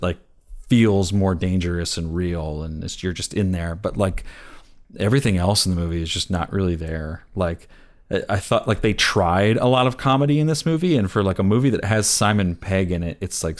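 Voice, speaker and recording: A man with a very low, deep voice chats casually through a movie review. He rambles, piling up fillers and restarting his sentences as he goes. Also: moderate pace. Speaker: podcast co-host.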